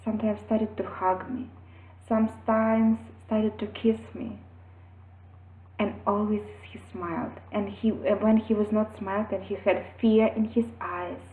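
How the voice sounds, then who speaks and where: A woman speaking earnestly about her own parenting, in a halting way with pauses and restarts. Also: mid-range voice, level tone. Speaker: mother sharing parenting experience. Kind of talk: earnest personal talk to camera. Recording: tinny phone-like sound in an echoey room.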